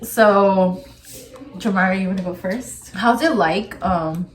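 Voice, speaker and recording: A young woman hosting a casual chat show, giggly and lively as she asks her guest questions. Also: mid-range voice, slow pace. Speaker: channel host. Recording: echoey room, mic a bit far, faint hiss.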